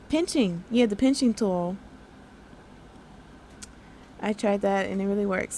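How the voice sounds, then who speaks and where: A woman's voice: medium pitch, creaky, dark tone, slight background noise. A young woman chatting casually over her nail art tutorial, upbeat and full of fillers.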